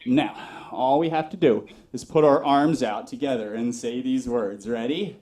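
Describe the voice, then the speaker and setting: A man hosting an interactive children's show, playful and animated, talking straight to the kids. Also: mid-range voice, moderate pace. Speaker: children's entertainer. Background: drum music.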